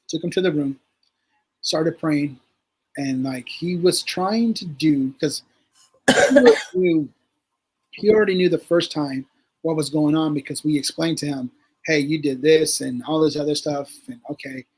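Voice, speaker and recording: A man with a slightly high, unhurried voice and a breathy edge appears as a guest on a livestream talk show. He tells a story casually and with animation, acting out what people said and swearing freely.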